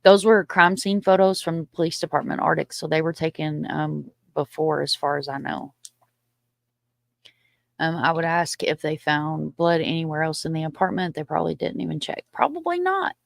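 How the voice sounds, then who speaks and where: Medium in pitch with little pitch movement and some vocal fry, this host talks at normal speed, casually reading viewer comments and responding with blunt views and short repeated agreements. The studio-quality recording has no room sound.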